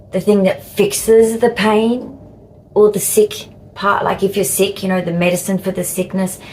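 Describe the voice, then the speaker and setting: An Australian woman in her fifties vlogging in a halting, repetitive way with cheeky asides. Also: mid-range voice, darkish tone, slight background noise, low-quality recording. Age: 50s. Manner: slow, halting, repeats words, cheeky asides. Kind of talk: casual talk to camera.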